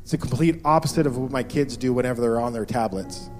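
A man's voice: mid-range voice, fast talker, a little mellow, soft background music. A man in his thirties preaching a sermon as pastor, earnest and repeating key phrases for emphasis.

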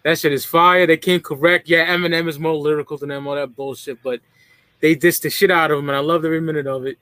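A man's voice: on the high side, steady tone, quick pace, bright, forceful tone, no room sound. A man co-hosting a podcast in casual chat, enthusiastic and profane, often laughing as he talks. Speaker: podcast co-host.

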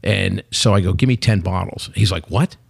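A man's voice: sits low, normal speed, vocal fry, breathy edge, dry recording, clean studio sound. A man in his sixties, a company CEO, telling jokey stories in casual chat and acting out the people he quotes. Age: 60s. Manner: animated joking storyteller acting out quotes. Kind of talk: casual storytelling.

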